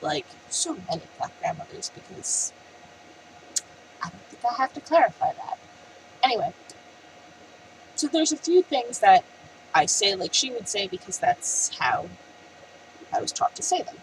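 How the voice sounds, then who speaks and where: A young adult woman telling a story in a casual, profane and animated vlog rant. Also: mid-range voice, background noise. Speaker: vlogger.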